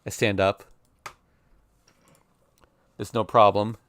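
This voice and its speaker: A man's voice: fairly low pitch, little pitch movement, slow, fairly bright tone. A man streaming, reading a visual novel aloud in an intense, emotional first-person narration.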